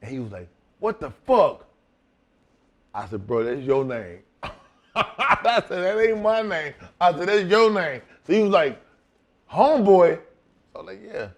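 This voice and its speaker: A man's voice: on the high side, moderate pace. Profane man telling a wrestling story. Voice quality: profane, animated retelling. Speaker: guest, former wrestler. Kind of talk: storytelling in casual chat.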